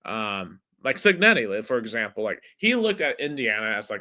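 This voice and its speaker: A man's voice: on the low side, big pitch swings, normal speed, sharp tone. A man hosting a casual sports podcast, chatty and filling his talk with "like". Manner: chatty, heavy use of "like". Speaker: podcast host.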